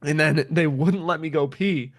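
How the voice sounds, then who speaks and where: A young man with a fairly high voice tells a rambling story in a casual chat. He's animated and keeps acting out what people said, swearing freely and breaking into laughs. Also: normal speed. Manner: animated, acts out quotes, swears and laughs often.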